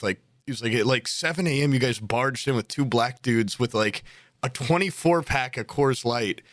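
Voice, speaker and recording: A man's voice: mid-range voice, normal speed, fairly bright tone, no echo, clean studio sound. A man in his twenties telling a long, rambling story on a casual podcast, full of fillers and acted-out quotes. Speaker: podcast co-host.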